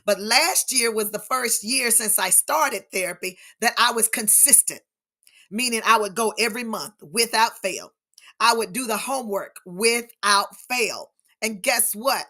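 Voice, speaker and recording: Middle-aged woman, live-stream host, chatty and animated, bright, fairly high voice. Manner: animated, addresses viewers as y'all. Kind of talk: casual live-stream talk to viewers.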